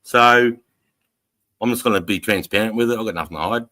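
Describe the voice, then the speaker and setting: A man's voice: fairly low pitch, a little fast, pushed and bright, poor audio. A man casually hosting a livestream, telling stories bluntly with plenty of swearing. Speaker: livestream host.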